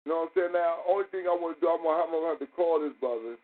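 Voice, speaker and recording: A man's voice: fairly high pitch, very fast. A man hosting a podcast, telling stories in a loose, profane way and acting out other people's lines as he goes. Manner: loose, profane storytelling with quoted dialogue. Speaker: podcast host. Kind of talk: casual podcast talk. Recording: tinny phone-like audio with faint hiss.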